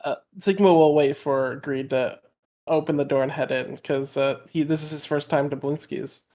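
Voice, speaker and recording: A tabletop game player who describes their character in halting, filler-filled sentences. The voice sits at a middle pitch. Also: steady tone, warm tone.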